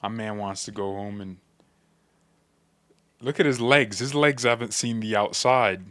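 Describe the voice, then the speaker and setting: A man's voice: on the low side, a little slow, clean tone, no echo. Joking slangy man on a fan channel. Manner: joking, animated reactions, slangy. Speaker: football fan channel host. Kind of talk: casual commentary to chat.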